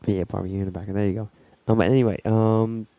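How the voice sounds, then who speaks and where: A man hosting a podcast, raspy from a cold, talking in a laid-back, slangy way. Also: fairly low pitch, level tone, fast talker, no room sound, phone-quality sound. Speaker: podcast host. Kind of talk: casual podcast chat.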